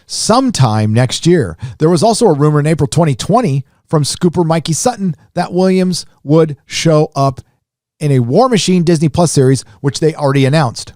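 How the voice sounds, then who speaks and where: A man hosting a live stream, rambling casually with lots of fillers and restarts, his voice rising when animated. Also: fairly high pitch, normal speed, dry recording, clean studio sound. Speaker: live show host.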